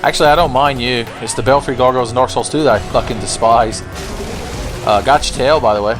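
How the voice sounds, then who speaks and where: A man's voice: mid-range voice, fast talker. A man giving sarcastic, profane let's play commentary, taunting the enemies he fights. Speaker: gaming commentator. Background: faint game music.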